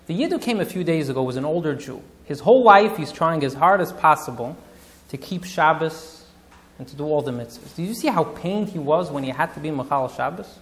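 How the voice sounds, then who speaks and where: Animated male rabbi telling a story. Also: fairly high pitch, fairly quick. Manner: animated, dramatic retelling with Yiddish and Hebrew terms. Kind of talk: storytelling talk.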